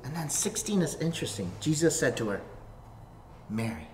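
Pastor preaching in a roomy echo. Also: male voice, on the high side, fast, a little hiss or hum. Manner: animated, swings from loud emphasis to soft near-whispers. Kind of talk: sermon.

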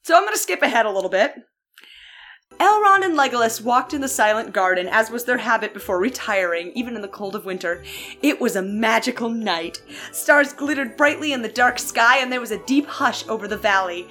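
A woman's voice: fairly high pitch, animated, fairly quick, sharp tone, soft background music. A woman co-hosting a podcast, reading fanfiction aloud with playful, mock-serious banter and frequent laughter. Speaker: podcast co-host.

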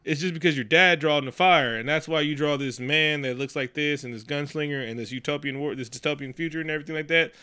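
A man putting on a calm, dismissive male school counselor who lectures slowly and soothingly. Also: a little high, clear, resonant tone.

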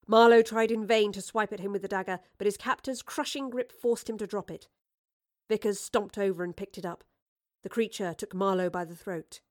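Lady reading a story aloud, steady, dry close sound. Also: medium pitch, moderate pace, no room sound. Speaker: audiobook narrator. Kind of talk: scripted narration.

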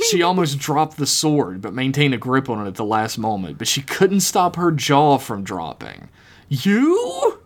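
A man's voice: medium pitch, sing-song, moderate pace. A man co-hosting a podcast, reading his own horror story aloud dramatically and laughing at his own jokes. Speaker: podcast co-host.

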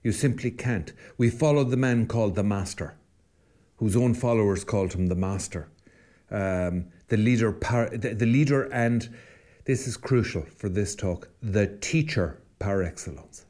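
A man's voice: fairly low pitch, moderate pace, mellow. An Irish man, a priest co-hosting a podcast, telling stories in a reflective, conversational way with frequent restarts. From Ireland. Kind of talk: casual conversational podcast talk.

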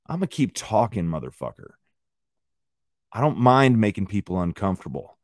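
A man's voice: lowish voice, very animated, normal speed, dry recording, clean studio sound. A man hosting a solo podcast, ranting bluntly and profanely while talking straight to his listeners. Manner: conversational, addresses listeners directly. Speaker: podcast host.

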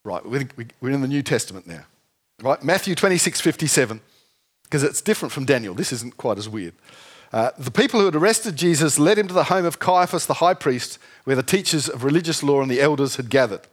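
A man preaching a sermon, lively and jokey, often asking the congregation questions. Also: mid-range voice, fairly quick. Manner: lively, asks the audience questions, jokey asides.

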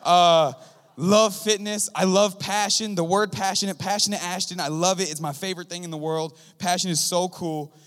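A young man giving his first sermon in a church, excited, rambling and joking with the congregation. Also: high-pitched, moderate pace. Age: young adult. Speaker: guest preacher. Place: church sanctuary. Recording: long hall reverb.

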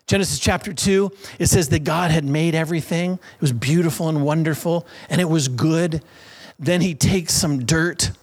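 Male pastor, sermon delivery, slightly high voice, animated storyteller who acts out voices.

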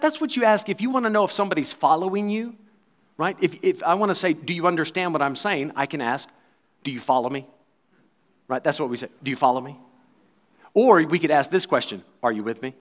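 Higher-voiced man preaching with swings in volume. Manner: dramatic preaching that swings between loud and quiet; acts out quoted voices and crowd replies. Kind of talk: sermon.

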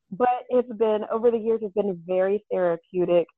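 A woman guest on a podcast, candidly telling a personal story in an earnest, animated way that often breaks into laughter. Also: mid-range voice, moderate pace, few pauses, dry recording. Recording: thin phone-like call audio.

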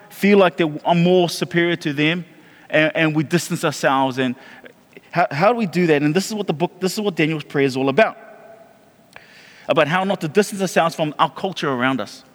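A man preaching a sermon as pastor, animated, repeating himself and restarting phrases. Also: fairly high pitch, normal speed, in a large hall.

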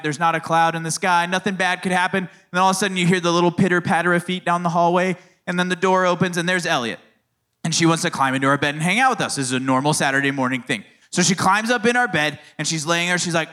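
A man's voice: a little high, fast talker, bright, forceful tone. A man in his thirties preaching a casual sermon, telling family stories in a playful, conversational way. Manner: storytelling, conversational, playful asides. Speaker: youth pastor.

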